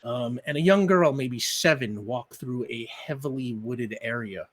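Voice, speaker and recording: Energetic male game master with lots of ums. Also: medium pitch, a little slow. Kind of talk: live-stream announcements and story narration.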